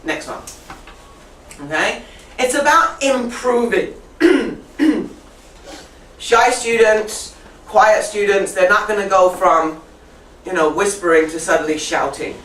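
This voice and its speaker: A woman teacher trainer running a lively classroom demonstration, repeating and correcting students as she goes. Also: fairly low pitch, a little slow. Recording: echoey classroom from far off with faint noise.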